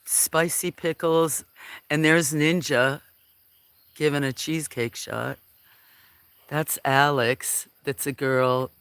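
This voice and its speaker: Clear, resonant, and a bit bright, the medium-pitched voice comes through with no echo. It belongs to a livestream host chatting casually to viewers over a handheld phone on a farm at the cats' feeding time, cooing at the cats and apologizing now and then.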